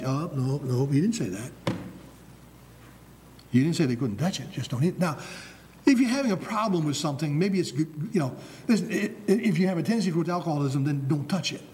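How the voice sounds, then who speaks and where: This sermon comes from a man with an Upper Peninsula Michigan accent whose dark-toned voice sits a little high. He talks at a normal speed, animated and emphatic, repeating himself and sometimes stumbling, while the hall around him echoes with faint ambient noise.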